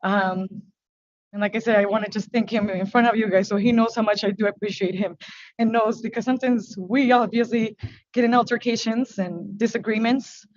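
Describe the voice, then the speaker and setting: Woman speaking english as a second language, halting and earnest, fairly high voice, dull dry sound. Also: fairly even intonation, a little mellow, no echo. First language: not English. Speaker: business owner before a licensing board. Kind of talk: testimony at a public hearing. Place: hearing room.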